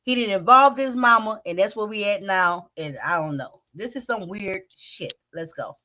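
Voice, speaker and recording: A woman's voice: mid-range voice, moderate pace, sharp tone, a little hiss or hum. A woman hosting a storytime video, recapping a clip in blunt, profane, incredulous casual commentary.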